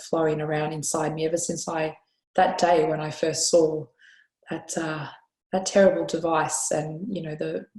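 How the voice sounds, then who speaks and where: A woman's voice: sits low, a little mellow, roomy sound, low-quality recording. A woman hosting a solo podcast, telling stories in an earnest, reflective way. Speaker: podcast host.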